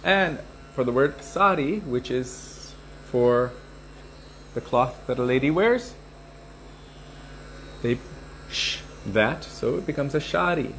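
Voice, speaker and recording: A man giving a scripture class, explaining pronunciation and retelling old stories in an unhurried, explanatory way. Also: mid-range voice, animated, fairly bright tone, slight background noise, poor audio. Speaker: scripture teacher.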